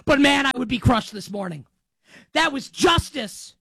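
A man delivering an excitable, rambling sports monologue as show host, breaking into shouts. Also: extremely high pitch, normal speed, gravelly, slightly rough, no room sound, rough recording. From New York.

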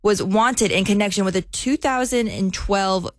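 A woman's voice: mid-range voice, moderate pace, dry recording. Radio co-host lady, giggly and easygoing, dry close mic. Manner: giggly, self-deprecating. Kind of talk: morning-show news story and banter.

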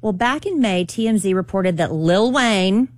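A woman's voice: mid-range voice, lively intonation, moderate pace, dry recording. A woman host of a radio morning show, reading out celebrity news with dry asides. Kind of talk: morning show gossip chat. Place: radio studio.

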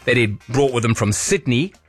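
A man hosts a late-night call-in radio show, talking in a playful, rambling way full of jokey asides. His voice sits at an ordinary mid pitch. Music plays clearly behind him. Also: moderate pace, no echo. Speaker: radio host.

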